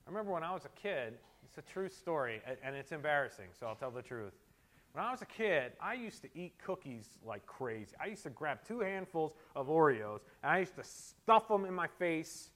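A middle-aged man preaching a sermon as a pastor, moving between quiet storytelling asides and forceful exhortations. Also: fairly high pitch, sing-song, fairly quick.

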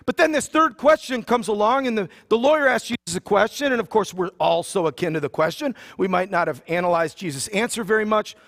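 A man's voice: high-pitched, a little fast, few pauses, fairly bright tone. A pastor preaching a sermon. He reads scripture aloud and retells it in casual, joking everyday talk. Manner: casual and joking, with slang asides.

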